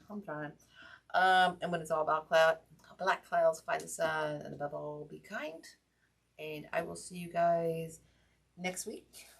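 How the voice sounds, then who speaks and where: A woman with a somewhat low voice chats through a wreath-making livestream. She is folksy and rambling, full of ums, and thanks her viewers by name. A hurt hand is giving her pain. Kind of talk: casual livestream chat while crafting.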